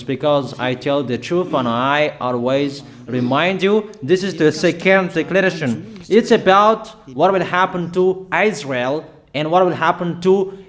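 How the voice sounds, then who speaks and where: A man delivering a prophetic sermon, making emphatic, repetitive proclamations in non-native English phrasing. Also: on the high side. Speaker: preacher.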